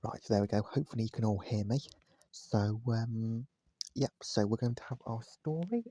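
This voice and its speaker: A man reading a children's storybook aloud at home, gentle and speaking straight to his listeners. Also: lowish voice, moderate pace. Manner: gentle, addresses listeners directly. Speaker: vlogger reading a bedtime story. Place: at home, indoors, cat on his knee.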